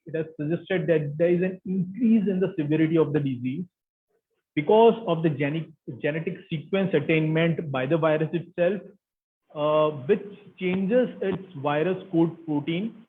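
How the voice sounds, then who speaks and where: A man's voice: fairly high pitch, a little hiss or hum. Indian-accented man lecturing over a tinny line. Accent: Indian English. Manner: explanatory, with frequent fillers. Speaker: guest lecturer. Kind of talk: academic lecture.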